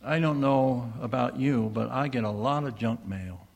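An older male preacher with a gravelly, creaky voice delivers a sermon. He talks emphatically and poses rhetorical questions to the congregation before answering them. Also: mid-range voice, normal speed.

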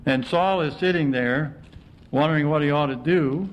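A man's voice: a little high, normal speed, lo-fi sound, slight background noise. A man preaching an informal sermon to a congregation, chatty, often putting questions to his listeners. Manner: conversational, asks the audience questions.

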